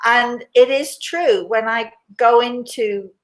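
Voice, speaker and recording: A woman's voice: fairly high pitch, slow pace. Chatty older British woman hosting. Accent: British English. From Britain. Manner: chatty, rambling, laughs often. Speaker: host. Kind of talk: casual livestream chat with audience questions.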